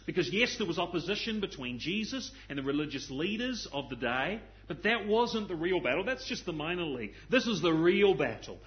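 A man preaches a sermon, putting earnest questions to his listeners and repeating phrases as he searches for words. His voice sits a little high for a man. The recording is dull and lo-fi. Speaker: pastor.

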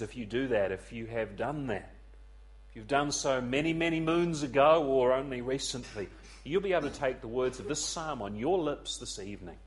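In a fairly high-pitched voice, a man delivers an earnest, pleading evening sermon. He builds to loud peaks before falling to a near whisper, often repeating himself as he reaches for words.

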